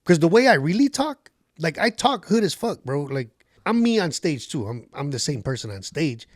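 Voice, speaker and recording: A man's voice: fairly high pitch, very animated, moderate pace, no echo, studio quality. A man, a comedian guest on a podcast, telling stories in casual chat, swearing a lot and acting out the voices of people in his anecdotes. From Los Angeles area.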